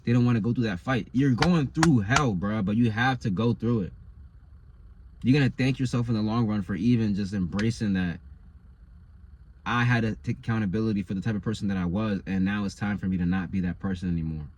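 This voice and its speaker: A man's voice: fairly low pitch, brisk, a little mellow. A man delivering a motivational monologue as a coach, insistent and slangy, repeating his phrases over and over.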